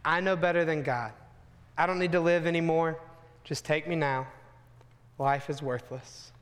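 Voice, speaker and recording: A man's voice: a little high, moderate pace, fairly bright tone, big-room sound, lightly acted. A man voicing a sulky, self-pitying prophet who whines melodramatically about wanting to die. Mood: whiny self-pity. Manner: whiny, melodramatic complaining.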